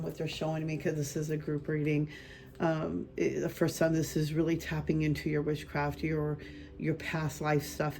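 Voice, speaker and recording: A woman's voice: deep voice, gravelly, mellow, slight background noise. A woman doing a group card reading as a spiritual medium, talking casually and rambling with many fillers and restarts.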